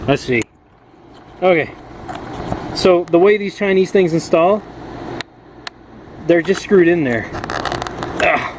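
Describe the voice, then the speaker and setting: A man's voice: sits high, takes it slowly, pauses often, noisy background. A man giving a casual how-to commentary as a motorcycle vlogger, joking as he works one-handed and holding the camera. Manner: chatty, joking, talks while working one-handed. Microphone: camera held in one hand.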